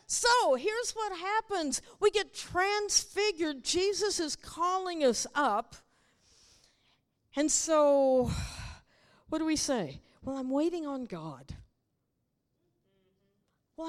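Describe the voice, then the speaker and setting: A woman with a high voice preaches a sermon in a church, teasing the front row and acting out quoted voices. Her manner is playful and lively. A long reverb hangs on her voice, as in a large hall. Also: slow pace. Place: church sanctuary.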